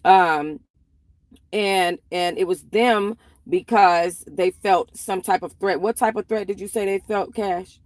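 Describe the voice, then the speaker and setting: A woman hosts an interview, pressing her guest with follow-up questions. Her voice sits at an ordinary middle pitch. The recording is dry and close. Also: slow pace, no room sound. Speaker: host.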